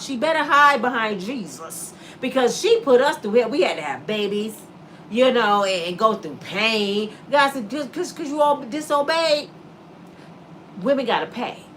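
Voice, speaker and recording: A woman in her fifties hosting her vlog with a high, bright voice that swoops all over the place. She talks sassily and preachily, jabbing straight at her viewers. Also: a little hiss or hum. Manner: animated, sassy, preachy, direct to viewers. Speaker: vlogger host. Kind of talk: comedic commentary rant.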